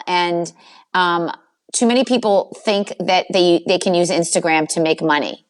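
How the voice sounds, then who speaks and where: A woman with a Boston accent, a guest on a podcast interview, talking fast and self-assured as an Instagram coach. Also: fairly low pitch, steady tone. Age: older.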